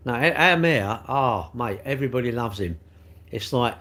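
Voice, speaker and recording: A man's voice: mid-range voice, expressive, moderate pace, pushed and bright. A middle-aged man, chatting casually on a live stream and teasing viewers about their comments. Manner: jokey, teasing banter with chat.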